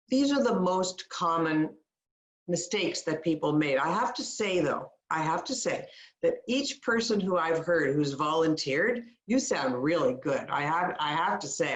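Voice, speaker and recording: Slow, low-voiced woman coaching a webinar. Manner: demonstrates sounds and sentence stress, asks questions of attendees. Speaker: communication coach. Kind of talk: webinar teaching.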